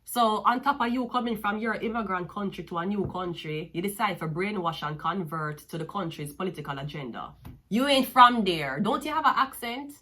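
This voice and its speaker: A woman with a Jamaican accent delivers a tarot reading in a bright, forceful voice. She talks in a profane, mocking, sassy way, taunting her listener between card pulls. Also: medium pitch, animated, fairly quick, few pauses, husky.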